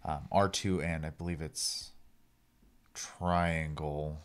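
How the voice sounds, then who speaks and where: Casting note: man with a very deep voice in casual gaming chat, patient and explanatory, laying out how things work. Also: fairly even intonation, slow, clear, resonant tone. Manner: explanatory, walks through game mechanics step by step. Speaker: podcast co-host.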